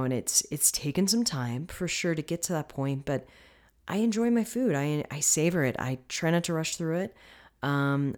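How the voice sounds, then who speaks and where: Woman, low voice, mindful eating coach, chatty, encouraging, casual advice. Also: a little mellow. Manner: chatty, encouraging, frequent "you know". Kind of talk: casual advice talk to listeners.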